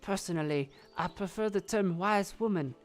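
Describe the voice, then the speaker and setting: A woman voicing a bitter, scornful older village witch in a visual novel, with a low, drawling put-on voice and a vague accent. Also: moderate pace, faint music behind, lightly acted. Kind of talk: reading a visual novel aloud.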